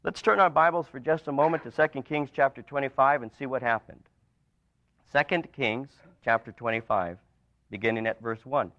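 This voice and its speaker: A man preaching a sermon, telling stories and dropping to soft, emphatic lines. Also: mid-range voice, normal speed, no room sound. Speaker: pastor. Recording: dull lo-fi recording.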